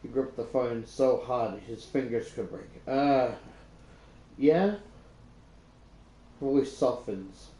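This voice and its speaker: Mellow and medium in pitch, this young Australian man's voice takes its time but rarely pauses as he casually reads and retells a book for his YouTube channel. He rambles, leaning on fillers and frequently starting over. There's a roomy echo around him.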